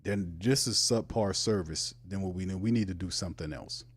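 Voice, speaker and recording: A man hosting a casual live sports talk show, animated and emphatic, with sudden jumps in pitch. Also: normal speed, breathy edge.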